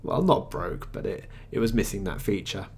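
A man narrating a screencast software review in a matter-of-fact, conversational way, pausing now and then with small hesitations while working at his desktop computer mic. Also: low-pitched, animated, breathy edge. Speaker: tech reviewer.

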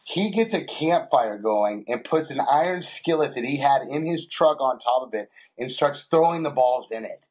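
A man with a husky, mid-pitched voice co-hosts a podcast and spins crude, rambling stories in loose casual chat. He swears constantly and breaks into laughter as he talks. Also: animated, normal speed, hardly any pauses, a little mellow. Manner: crude, joking storyteller who swears a lot and laughs often. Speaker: podcast co-host.

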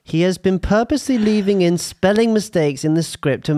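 A man's voice: high-pitched, brisk, hardly any pauses, mellow, no echo. A young man hosting a podcast in casual chat, teasing and dry. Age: young adult. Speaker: podcast host.

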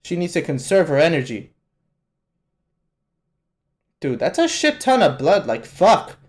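A young man hosting a live anime reaction, swearing a lot and shouting at the screen in excitement. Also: on the high side, measured pace. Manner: profane, excitable, yells at the screen. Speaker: reaction channel host.

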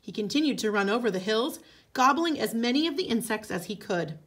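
A woman teacher reading a folk tale aloud, expressive, with casual asides. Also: a little high, a little fast. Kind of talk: storybook read-aloud.

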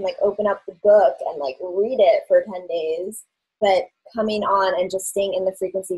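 Woman, call host, husky, casual, encouraging, mid pitch. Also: a little mellow, low-quality recording. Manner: encouraging, frequent fillers. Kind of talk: casual pep talk.

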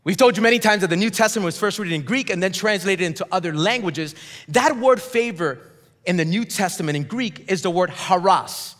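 A man's voice: high-pitched, lively intonation, fairly quick, fairly bright tone. A man preaching a sermon as pastor, emphatic and building, calling on the congregation to repeat words back to him. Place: large church auditorium. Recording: long hall reverb.

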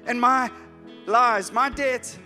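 Man preaching, very high bright voice, long church hall reverb, soft music behind. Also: slow pace. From South Africa. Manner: emotional, swings from hushed to shouting. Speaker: pastor. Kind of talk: sermon.

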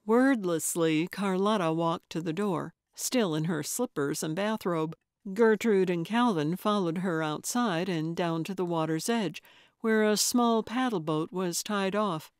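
A woman reads a cozy mystery audiobook at a slow, unhurried pace, measured and even. The studio recording is dry and close, with no room sound at all. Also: on the low side, no echo. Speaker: audiobook narrator. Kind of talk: scripted audiobook narration.

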